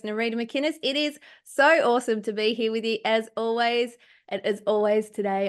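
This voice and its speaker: An Australian woman hosting a podcast, chatting casually in a bubbly, effusive way and laughing often. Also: a little high. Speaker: podcast host. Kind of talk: casual chat.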